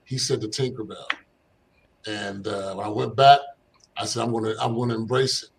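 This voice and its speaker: Speaking at normal speed in a lowish voice, an older man from Philadelphia who used to play basketball tells casual stories about his youth as an interview guest. He animatedly acts out other people's voices and laughs often. The low-quality recording carries slight background noise.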